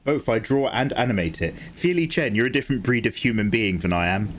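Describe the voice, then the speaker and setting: Man, art livestream chat, animated rising and falling pitch, excitable, swears a lot. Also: brisk. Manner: excitable, swears freely, thanks chat by name. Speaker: livestreaming artist. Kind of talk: casual chat with viewers.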